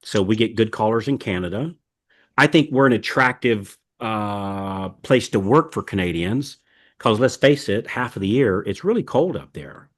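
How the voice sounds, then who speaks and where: Male podcast host, lowish voice, folksy and rambling, lots of fillers. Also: expressive, normal speed. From United States. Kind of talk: casual podcast chat.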